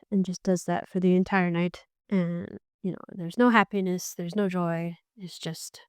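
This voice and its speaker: A woman hosting a book podcast, giving a casual, animated recap and slipping into characters' lines as she goes. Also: mid-range voice, moderate pace, few pauses, clear, resonant tone, no echo, clean studio sound.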